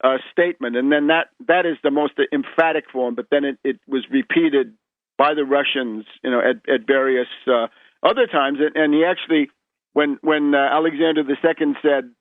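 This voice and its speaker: A man's voice: fairly high pitch, steady tone, moderate pace, no echo. Man lecturing over a tinny phone line. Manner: lecturing, with frequent word restarts and tag "right?". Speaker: guest historian. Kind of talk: radio interview explanation.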